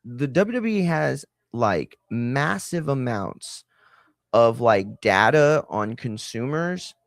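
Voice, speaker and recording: A man hosting a wrestling live stream, ranting in a heated, profane way and swinging between loud outbursts and low muttering. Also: expressive, slow pace, vocal fry, no room sound, clean studio sound. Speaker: livestream host.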